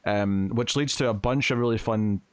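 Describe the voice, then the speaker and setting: A man's voice: fairly low pitch, normal speed, clean tone, no echo. A man co-hosting a podcast, giving comic reviews in a casual chat with dry, teasing humour. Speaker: podcast co-host. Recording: dry close sound.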